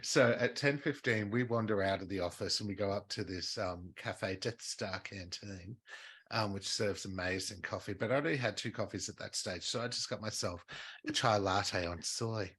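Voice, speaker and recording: His voice sits lowish and a little rough, moving at a moderate pace. Chatting casually as a podcast co-host, he tells a lively story full of laughter and performed quotes.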